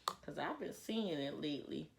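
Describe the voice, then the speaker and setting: A woman's voice: deep voice, expressive, normal speed, gravelly. A young woman vlogging a hair care tutorial at home into a plugged-in microphone, chatty and self-mocking, openly nervous as she works. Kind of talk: casual tutorial chat.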